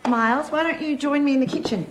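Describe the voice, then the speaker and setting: A woman's voice: sits high, fast, noisy background, lightly acted. A woman playing a flustered farm-author impostor. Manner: flustered, talking over herself, bossy under pressure.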